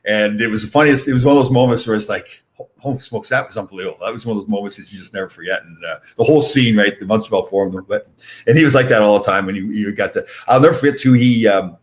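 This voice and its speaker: Fast-talking older man spinning animated stories. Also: on the low side. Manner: animated, excitable anecdotes with many restarts. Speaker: podcast host and former pro hockey player. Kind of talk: casual storytelling chat.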